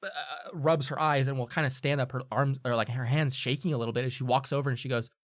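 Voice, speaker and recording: A man's voice: mid-range voice, fairly even intonation, fast, dry recording, studio quality. A man narrating as game master of a tabletop game, casual and loose with many fillers and restarts.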